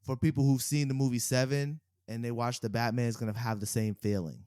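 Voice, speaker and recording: A young man co-hosting a podcast, chatting casually and telling animated stories with laughs mixed in. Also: medium pitch, fairly quick, clean tone, no room sound, studio quality. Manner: animated storyteller, laughs mid-sentence. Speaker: podcast co-host. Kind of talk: casual chat.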